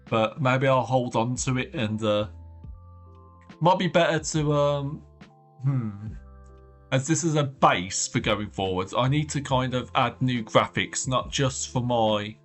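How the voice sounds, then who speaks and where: A man talks his way through a drawing session on stream, wandering from thought to thought and trailing off mid-sentence. His voice sits at an ordinary middle pitch, and soft music plays faintly behind him. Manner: rambling, thinking aloud with soft trailing phrases. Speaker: art streamer. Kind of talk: casual livestream chat while drawing. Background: faint background music.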